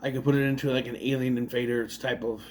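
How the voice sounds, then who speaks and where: A man's voice: medium pitch, fast talker, a little hiss or hum. A man casually recapping and reviewing a movie, swearing and mocking the scenes as he goes. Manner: animated, swears, mocks scenes in exaggerated voices.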